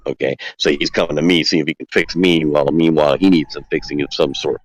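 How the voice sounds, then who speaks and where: A man's voice: a bass voice, a little fast, hardly any pauses, no echo, poor audio. A man telling a long, rambling story on a talk show as a guest, acting out the quoted dialogue. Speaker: guest calling in. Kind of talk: casual storytelling.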